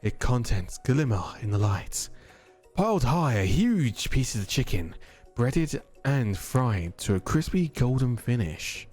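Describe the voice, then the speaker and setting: A man streaming a game, reading its narration aloud with a very lively, swooping pitch. He breaks off for casual, cursing asides, and game music plays faintly beneath him. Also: slow. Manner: animated, casually profane asides.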